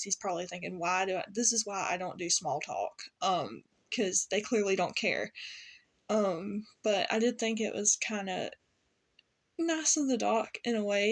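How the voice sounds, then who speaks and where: A woman giving a casual, rambling spoken recap of a TV episode, with lots of fillers, quoted lines from the show, and her own laughs. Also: medium pitch. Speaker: TV episode reviewer.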